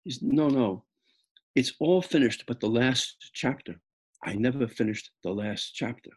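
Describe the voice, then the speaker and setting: This older Bronx man, an author, shares personal stories in a thoughtful manner, pausing frequently and going back over words. He has a husky, medium-pitched voice and keeps a measured pace.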